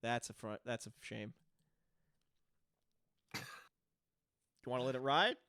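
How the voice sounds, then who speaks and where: A man narrating a tabletop game as game master, relaxed and full of fillers. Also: mid-range voice, measured pace, dry recording, studio quality.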